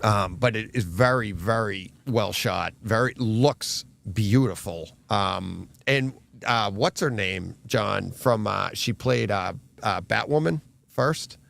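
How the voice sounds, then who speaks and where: Gravelly man in rambling casual chat. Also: lowish voice, slow. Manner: animated, laughing, rambling with fillers. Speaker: podcast co-host.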